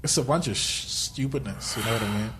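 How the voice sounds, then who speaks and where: A man's voice: mid-range voice, fast talker, noisy background. Rambling, joking male podcast co-host. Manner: rambling, joking and laughing often. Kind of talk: casual chat.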